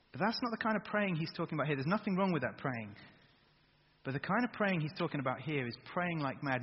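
A man preaching a sermon, asking his listeners direct questions in a lively way. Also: fairly high pitch, a little hiss or hum. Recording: dull recording with long hall reverb.

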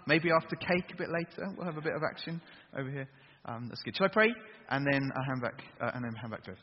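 Husky preacher in an echoing hall. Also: male voice, mid-range voice, quick pace. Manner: earnest, swings between loud urging and soft hushed lines; leads the audience in call-and-response. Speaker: preacher at a youth event. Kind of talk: sermon and prayer. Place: large hall with an audience. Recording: dull lo-fi recording with long hall reverb.

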